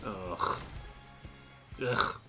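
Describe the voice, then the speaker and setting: A man's voice: extremely slow, bright, forceful tone, soft background music. Cursing man narrating a game run. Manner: profane, exasperated banter. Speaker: game streamer. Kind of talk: let's play commentary.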